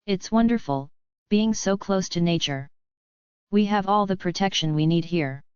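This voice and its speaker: A woman's voice: mid-range voice, moderate pace, a little mellow, smooth, dry recording, close to an everyday voice. Woman reading as an earnest forest maiden. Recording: dull lo-fi audiobook recording.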